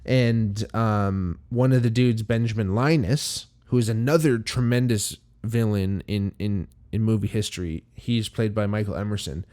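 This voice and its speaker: A man's voice: lowish voice, normal speed, hardly any pauses, mellow. A man hosting a podcast, recapping a TV show in loose, profanity-laden casual chat full of fillers. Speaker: podcast host.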